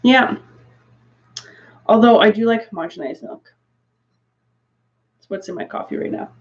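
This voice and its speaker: A woman's voice: mid-range voice, measured pace. A woman chatting casually to viewers on a craft livestream, rambling through asides and laughing often. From Canada. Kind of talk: casual live chat. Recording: dull lo-fi stream audio.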